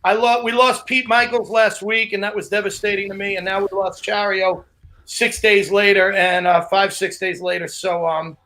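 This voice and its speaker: A comedian co-hosting a relaxed podcast, his voice high-pitched and bright. He rambles through his stories with restarts and asides. The talk is casual and chatty. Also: moderate pace. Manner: loose, rambling storyteller with restarts. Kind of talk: casual chat.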